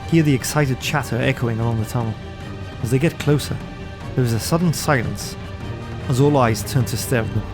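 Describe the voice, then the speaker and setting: A man co-hosting a podcast, narrating a gamebook adventure in a storytelling manner. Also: medium pitch. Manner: storytelling, light laughs between sections. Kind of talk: narrating a gamebook play-through.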